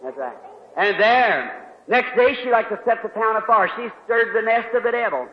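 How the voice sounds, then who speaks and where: A man preaching a folksy revival sermon, moving between loud exhortation and quiet storytelling. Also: sits high, animated, normal speed, slight background noise. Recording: old lo-fi tape with long hall reverb.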